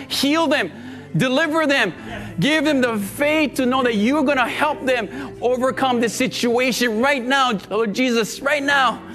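A pastor with a notably high male voice leads his church in prayer, earnest and pleading, repeating phrases for emphasis. Soft music plays faintly underneath. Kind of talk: sermon and altar-call prayer.

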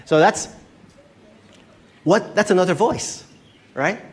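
This is a male pastor preaching slowly in a high voice. His manner is animated and chatty, and he frequently checks in with the people listening.

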